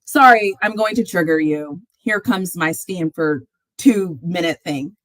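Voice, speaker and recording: A woman's voice: on the low side, measured pace, no room sound, rough recording. A woman hosting a casual live sports chat, talking animatedly and laughing often as she tells a story. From Texas fan, not origin. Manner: animated, laughs often, exclaims in rising squeals. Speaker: sports talk livestream host.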